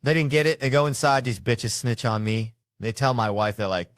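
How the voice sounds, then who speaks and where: A man's voice: medium pitch, moderate pace, dry recording, clean studio sound. A middle-aged man telling crude parenting stories in a stand-up routine, acting out his kids' lines. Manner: brash, profane storytelling with acted-out quotes. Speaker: stand-up comedian.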